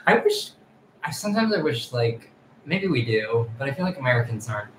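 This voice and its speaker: A young male actor, a guest on a casual live chat, easygoing and halting, full of "like". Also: medium pitch, very animated. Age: young adult. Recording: echoey room with faint noise.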